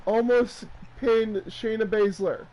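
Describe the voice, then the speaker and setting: High-pitched man, excitable play-by-play caller for a wrestling game session. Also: slow pace, poor audio. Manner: excitable, laughs often. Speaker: gamer doing play-by-play. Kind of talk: casual wrestling game commentary.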